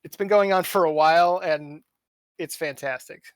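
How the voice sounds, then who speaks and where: A man's voice: fairly high pitch, moderate pace, dry recording. A man commentating a charity game stream, laid-back and laughing often.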